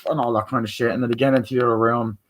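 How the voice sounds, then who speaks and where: A man talks through a movie in a loose, rambling way, swearing freely and jumping into quick impressions of the characters. His voice sits at an ordinary middle pitch, with a faint hiss of noise under the recording. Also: little pitch movement, low-quality recording. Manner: rambling, profane, acts out scenes in quick quoted voices. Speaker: movie reviewer. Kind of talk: casual spoken movie review.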